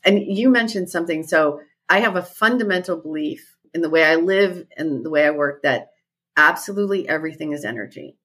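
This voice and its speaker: Husky low-voiced woman, reflective. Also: fairly quick, a bit bright. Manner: earnest, thoughtful, repeats key phrases. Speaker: retreat leader and guest. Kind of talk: reflective podcast conversation.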